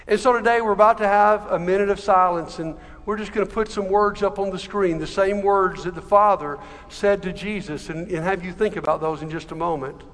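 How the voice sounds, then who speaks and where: A man's voice: sits high, fairly quick, few pauses, fairly bright tone. A man preaching a sermon, telling a story with emotional, dramatic delivery. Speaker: pastor. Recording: long hall reverb.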